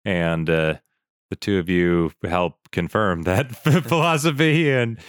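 Deep smooth-voiced man hosting. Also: dry recording, studio quality. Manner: upbeat, quick reactions and short affirmations. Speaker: podcast host. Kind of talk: casual interview chat.

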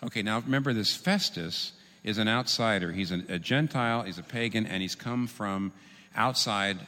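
A man preaching a sermon, teaching in an animated, humorous way with quick asides. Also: fairly low pitch. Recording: long reverb in a large hall.

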